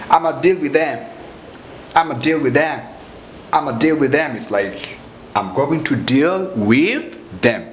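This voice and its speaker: Lively-voiced man teaching slang. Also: slight background noise. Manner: explains slowly, repeats example phrases, pitch rises and falls widely. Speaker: English teacher. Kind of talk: informal teaching. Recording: echoey room with faint ambience.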